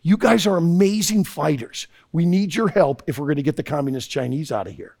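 A man acting out an earnest military commander who pleads and explains in a rush. His gravelly voice climbs and dips a lot. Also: on the high side, expressive, fairly quick, a little mellow. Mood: pleading.

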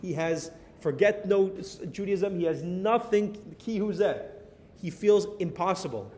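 American guy spinning a story in a sermon, higher voice, lively, echoey hall with a low rumble. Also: measured pace. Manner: animated storyteller dropping in Hebrew and Yiddish words. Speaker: Torah teacher. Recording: reverberant hall with faint rumble.

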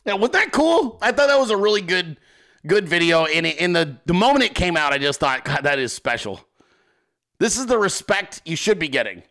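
A male host giving excitable, profane political commentary, laughing often as he talks. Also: high voice, moderate pace. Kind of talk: casual commentary.

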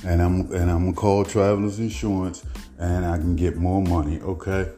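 A man voicing his father as a smooth talker who dodges his wife, in a low, slow, placating drawl. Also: flat delivery, dark tone, faint music behind, natural voice.

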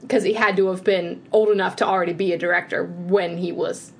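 A woman co-hosting a podcast in casual chat, talking in quick, filler-heavy bursts. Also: on the low side, steady tone, breathy edge. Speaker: podcast co-host.

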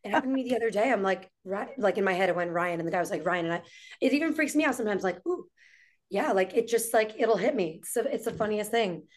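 This woman speaks at a middle pitch, neither high nor low. She is a guest on a conversational podcast and tells her stories with animated energy, filling her sentences with "like" as she goes. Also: quick pace. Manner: animated storyteller with frequent "like". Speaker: podcast guest, entrepreneur and singer. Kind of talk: casual conversation.

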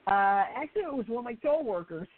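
A woman's voice: a little high, quick pace. A woman co-hosting a casual talk show, chatting and reading out the show's sign-off in an upbeat way. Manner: lively, upbeat delivery. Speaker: co-host. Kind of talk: casual chat, signing off the show. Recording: phone-line internet radio call.

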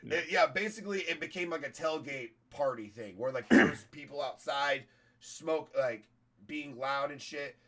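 Hoarse comedian guy, kinda high voice, swearing his way through a story. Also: moderate pace. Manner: profane, animated storytelling with quoted voices. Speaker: comedian and podcast host. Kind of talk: casual storytelling chat.

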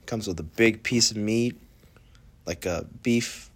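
A man's voice: on the low side, takes it slowly. A young adult man hosting a podcast, chatting casually and acting out his own lines as he tells a story. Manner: animated storyteller, acts out his own quotes. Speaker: podcast host. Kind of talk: casual chat.

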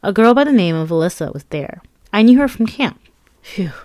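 A woman's voice: mid-range voice, animated, a little fast, darkish tone, no echo. A woman narrating her own memoir with a candid, wry, conversational manner.

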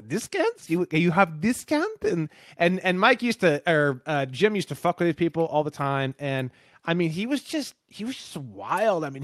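A fairly high-voiced man hosts a podcast, rattling through stories with plenty of swearing and playful impressions. His voice is recorded dry and close, with no room sound. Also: no room sound. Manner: swears a lot, excitable storytelling, does impressions. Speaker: podcast host. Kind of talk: casual chat.

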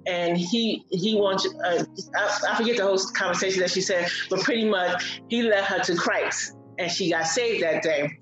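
A woman's voice: mid-range voice, moderate pace, roomy sound, lo-fi sound, soft background music. Woman telling her faith story. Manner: animated storyteller, laughs and cries while recalling. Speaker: guest sharing testimony. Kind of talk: casual testimony on a broadcast.

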